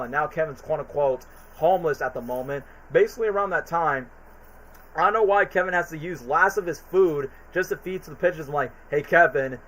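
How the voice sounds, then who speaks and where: A man streaming casual commentary, retelling movie scenes in a rambling, animated way with quick put-on voices. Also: a little high, rough recording.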